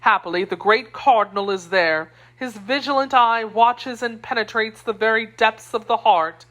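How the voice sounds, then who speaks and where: A woman's voice: fairly high pitch, moderate pace, fairly bright tone, pitched above the performer's own voice, natural voice. A woman reading as a pompous, timid mercer husband. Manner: self-important, proud, defensive. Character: pompous timid middle-aged male mercer.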